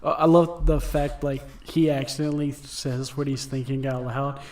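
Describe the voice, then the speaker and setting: A man's voice: mid-range voice, little pitch movement, normal speed, a little mellow, recorded from a distance. A man co-hosting a casual podcast, laughing and acting out character lines in goofy voices. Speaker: podcast co-host. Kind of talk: casual chat.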